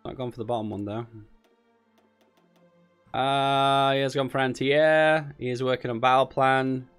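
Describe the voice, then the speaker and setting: A man streaming live commentary on a strategy game match, his voice at an everyday middle pitch. He talks casually and thinks out loud, drifting into side chatter between calls. Soft game music plays faintly behind him. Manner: casual, thinks aloud, rambling asides. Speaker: streamer casting a game tournament.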